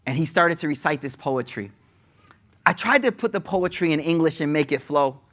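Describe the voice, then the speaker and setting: A man with a high voice teaches a religious lesson in a loose, chatty way. He reads passages at a quick clip and then unpacks them in plain slang. He sounds like he is talking with friends. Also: animated, a bit bright. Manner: slangy and conversational, reading Arabic quotes quickly then explaining them.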